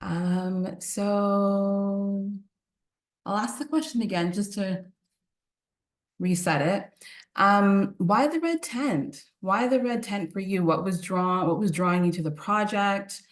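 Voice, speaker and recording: A woman's voice: medium pitch, steady tone, slow. Encouraging woman moderating a call. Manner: warm, encouraging, hesitant restarts. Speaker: host, moderator. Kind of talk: moderating a video call panel. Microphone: video call.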